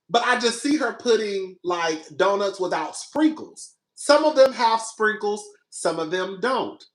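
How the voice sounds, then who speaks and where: A man's voice: high-pitched, fairly bright tone, echoey room. A young man telling a story in a casual rant, sassy, exasperated and profane, with dramatic delivery. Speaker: podcast host.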